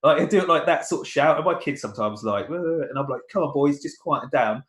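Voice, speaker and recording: A man's voice: on the high side, lively intonation, quick pace, a bit bright. Chatty man, roomy sound. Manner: chatty storyteller, grumbling, mimics voices. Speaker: podcast co-host. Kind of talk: casual banter.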